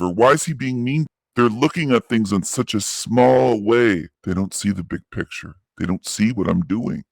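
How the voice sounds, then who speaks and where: A man giving a reflective, measured commentary monologue in an earnest, explaining tone. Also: lowish voice, gravelly, no room sound, studio quality.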